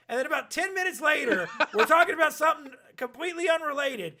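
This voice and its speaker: A man co-hosting a casual podcast chat, telling family stories with laughs and shouted punchlines. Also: very high voice, expressive, fast talker, a little hiss or hum. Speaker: podcast co-host.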